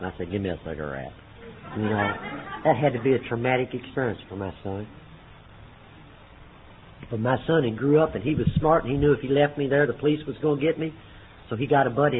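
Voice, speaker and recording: A man speaking at a recovery meeting, telling his story in a folksy way, booming on punchlines and dropping low for quoted lines. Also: fast talker. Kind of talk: personal testimony to a meeting. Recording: tinny phone-like recording with faint noise.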